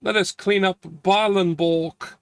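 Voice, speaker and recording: A man's voice: high voice, fairly even intonation, takes it slowly, clean tone, dry recording. A man streaming a game, giving chatty, rambling, self-deprecating commentary as he plays. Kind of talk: casual gameplay commentary.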